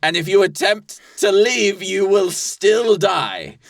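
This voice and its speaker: A man doing a sly, menacing dealmaker in an improvised comedy scene, pitched well above his normal voice. He stretches out each threat slowly, and the room sounds dry. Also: expressive, gravelly, no echo, exaggerated voice. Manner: slow, drawn-out threats. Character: sinister soul-trading dealmaker, menacing and sly.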